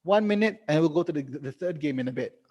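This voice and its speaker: A young man teaching a live online English lesson, reading out students' sentences and correcting them gently. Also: on the high side, expressive, fast talker, long reverb tail, muffled recording.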